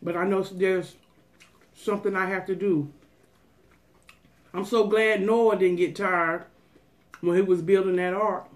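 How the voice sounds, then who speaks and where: A woman's voice: medium pitch, fairly even intonation, a little slow, long pauses. A woman food vlogger chatting casually to her viewers, folksy and preachy, giving them a pep talk.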